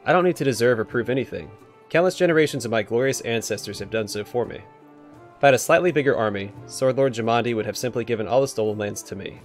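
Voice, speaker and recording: A man's voice: mid-range voice, fast talker, faint music behind, lightly acted. A man reading aloud the lines of an arrogant, bored baron in a haughty, offhand way.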